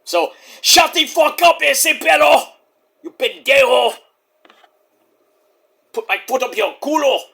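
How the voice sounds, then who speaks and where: A man's voice: very high voice, lively intonation, slow pace, gravelly, pauses often, bright, forceful tone, voice pushed up, heavily acted. A man doing a cursing Mexican-accented wrestler. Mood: mock-angry. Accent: Mexican Spanish, put on. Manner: mock-angry, cursing in Spanish. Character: hot-tempered Mexican male wrestler, cursing.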